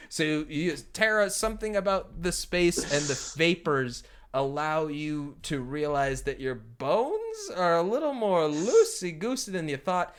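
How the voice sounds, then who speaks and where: A man running a streamed tabletop game as game master, chatty, with frequent fillers and quick laughs. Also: sits high, a bit bright.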